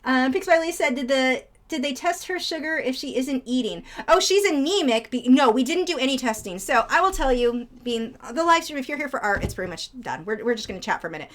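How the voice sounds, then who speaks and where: Young woman, casual stream host, talkative and rambling, pitch on the higher side. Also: animated, a little fast, few pauses, a bit bright. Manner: chatty, rambling, high baby-talk to her birds. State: out of breath. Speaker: artist live-streamer. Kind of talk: casual live-stream chat.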